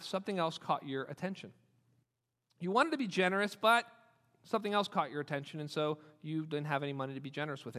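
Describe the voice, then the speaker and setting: A bright, high-pitched male pastor delivers a sermon with animated, repeated emphasis. His voice rings through the long reverb of a large hall. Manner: animated, repeats points for emphasis, acts out quoted people.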